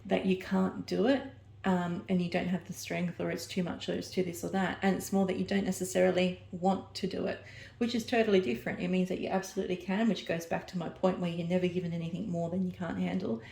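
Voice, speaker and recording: Low, gravelly woman rambling in a roomy space. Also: little pitch movement, fast, a little mellow. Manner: rambling, searching for words, self-correcting. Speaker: oracle card reader. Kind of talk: personal oracle reading to camera.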